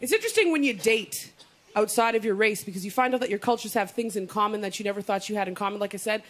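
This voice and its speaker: A woman's voice: medium pitch, expressive, fast talker. A woman doing a stand-up comedy set, bawdy and punchy, breaking into exaggerated impressions. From North America. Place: comedy stage before a live audience. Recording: loud studio audience laughter and noise.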